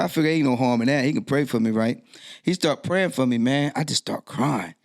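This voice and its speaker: A middle-aged man with a gravelly voice tells a story in a podcast interview. He talks in an animated way and jumps up in pitch when he quotes himself. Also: fast. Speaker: guest DJ.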